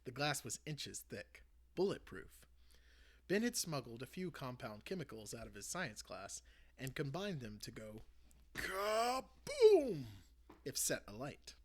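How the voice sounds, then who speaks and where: A man hosting his channel, reading a children's book aloud with an expressive delivery. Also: medium pitch, unhurried. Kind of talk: storybook read-aloud.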